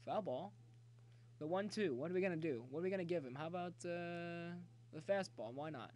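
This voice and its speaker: High-voiced excitable male game streamer. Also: a little fast. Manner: excitable, cheers and yells at the game; talkative, jokey banter with viewers. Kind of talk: live gameplay commentary.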